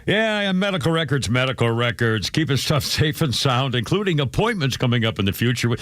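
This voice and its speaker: A man's voice: mid-range voice, big pitch swings, brisk, music in the background. An older man hosting a talk radio show, rambling loosely through a live-read ad and studio chat full of fillers and asides.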